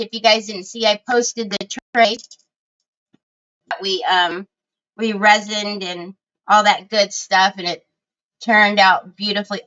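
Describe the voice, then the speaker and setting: A middle-aged woman from Northern California chats slowly and warmly at her craft desk during a livestream, greeting viewers one after another. Her bright, fairly high voice has turned squeaky and hoarse from a cold, and she keeps clearing her throat. The stream audio sounds dull and lo-fi.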